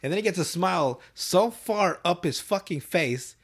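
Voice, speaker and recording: Profane, rambling, fairly high-voiced man. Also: animated, normal speed, husky. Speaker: podcast host. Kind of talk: casual episode recap.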